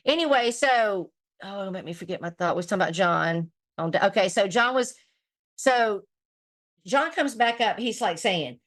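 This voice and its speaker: A woman streamer rambles through a gossipy recap, swearing freely. Her voice sits at a middling pitch, and she talks in a loose, unscripted way. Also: expressive, moderate pace, a bit bright. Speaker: livestream commentator. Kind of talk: casual livestream recap.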